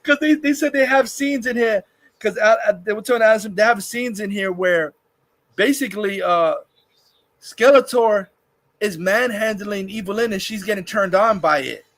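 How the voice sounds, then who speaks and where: A man's voice: sits high, normal speed, fairly bright tone, no room sound. A man hosting a casual livestream chat, profane and rambling, laughing often. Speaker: livestream host.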